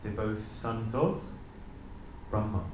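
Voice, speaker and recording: A man's voice: fairly low pitch, slow pace, background noise. A man giving a morning lecture in a temple, telling a story animatedly and putting on the characters' voices. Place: temple hall. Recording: very echoey hall, mic at a distance.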